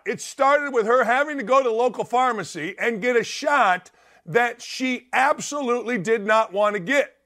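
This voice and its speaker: A middle-aged man rails through a sports talk monologue. His voice sits high for a man, and he hammers his points with rhetorical questions. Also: fairly bright tone. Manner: emphatic, punchy delivery with rhetorical questions. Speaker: talk show host.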